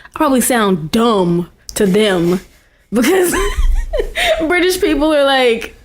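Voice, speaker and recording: A woman's voice: a little high, sing-song, takes it slowly, background noise. A woman in her twenties, a podcast guest in casual chat, giggly and full of likes. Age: 20s. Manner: giggly, uses many likes.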